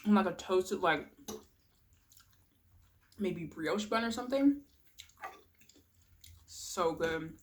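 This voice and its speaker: A woman's voice: mid-range voice, lively intonation, takes it slowly, long pauses. Chatty giggly young woman vlogger. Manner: chatty, rambling, giggly, tasting with soft murmurs. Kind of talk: casual mukbang chat.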